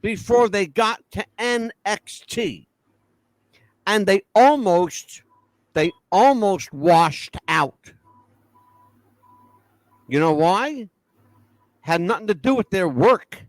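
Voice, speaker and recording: A man's voice: high voice, expressive, takes it slowly, pauses often, no echo. A man hosting a podcast in casual chat, blunt and emphatic, swearing freely. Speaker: podcast host.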